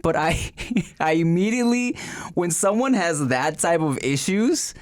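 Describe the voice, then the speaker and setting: A man's voice: on the high side, lively intonation, unhurried, no echo. A man co-hosting a podcast in casual chat, playful. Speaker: podcast co-host.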